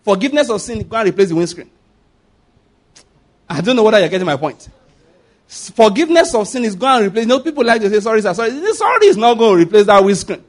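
A man preaching a sermon as pastor, emphatic, often asking the congregation if they follow and swinging between loud and hushed delivery. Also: sits high, very animated, fast, long pauses.

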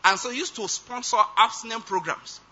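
A man's voice: very high voice, brisk, bright, forceful tone. A man preaching a sermon, emphatic and often checking that his listeners follow. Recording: dull lo-fi recording.

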